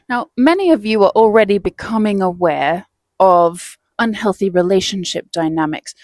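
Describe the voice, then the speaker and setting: A woman's voice: mid-range voice, a little mellow, dry recording. Brief: chatty woman vlogger, dry close sound, easy laughs between lines. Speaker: self-help vlogger. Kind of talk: casual storytelling to camera.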